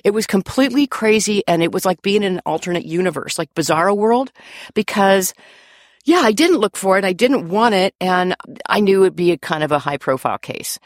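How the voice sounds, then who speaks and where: Animated, laughing woman guest on a podcast. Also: mid-range voice, brisk, dry recording, studio quality. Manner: animated storyteller, laughs often, swears casually. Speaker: podcast guest, lawyer and author. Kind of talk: casual interview chat.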